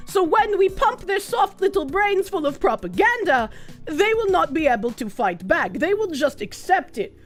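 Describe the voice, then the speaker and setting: A cartoonish, scheming dictator with a thick put-on Eastern bloc accent lays out his plans with smug relish, as a woman acts him out. The delivery is low, slow and over-explained, and the voice is high with lively swings in pitch. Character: scheming authoritarian villain leader, male, Eastern European accent.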